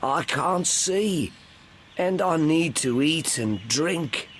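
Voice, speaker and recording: Brief: man as lonely old wombat, slow, gentle, children's audio. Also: fairly high pitch, lively intonation, slight background noise. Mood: sad. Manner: slow, clear storybook reading. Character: very old blind male wombat, sad.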